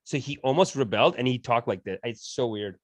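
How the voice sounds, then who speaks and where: A man's voice: mid-range voice, brisk, dry recording. A man hosting a satirical reaction show, joking and laughing often in a mock-reverent way. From Canada. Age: adult, not yet sixty. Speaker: comedic reaction host.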